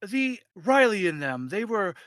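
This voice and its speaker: A man narrating a tabletop horror game as game master, animated and laughing often. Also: sits high, unhurried, no echo.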